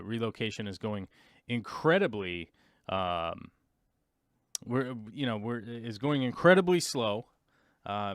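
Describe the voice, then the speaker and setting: Smooth-voiced man hosting a casual livestream. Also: mid-range voice, no room sound, studio quality. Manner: rambling, with many fillers and brief mimicked voices. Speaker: livestream host.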